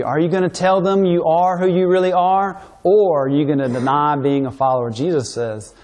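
A male preacher with a somewhat high-pitched voice delivers an emphatic sermon. He keeps pressing his listeners with rhetorical questions and reads scripture aloud. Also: fairly even intonation, normal speed, hardly any pauses, a little mellow.

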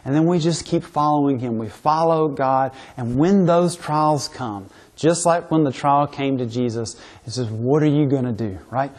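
A male preacher with a somewhat high-pitched voice delivers an emphatic sermon. He keeps pressing his listeners with rhetorical questions and reads scripture aloud. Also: normal speed, hardly any pauses, darkish tone.

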